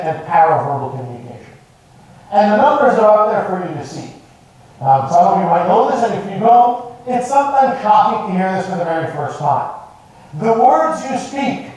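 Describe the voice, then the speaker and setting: A man coaching contestants in a live training session, talking emphatically with lively intonation and some repeated words. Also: high-pitched, a little hiss or hum. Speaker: presentation coach. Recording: very echoey room, mic far off.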